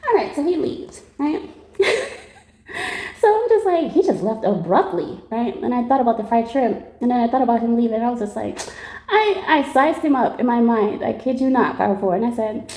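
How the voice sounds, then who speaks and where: Young adult woman, slangy and lively, telling a story; mellow, fairly high voice in a roomy space. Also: normal speed. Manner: animated, laughs often, slangy, quotes people in dialogue. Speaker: tarot reader telling a story. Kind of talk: casual storytelling.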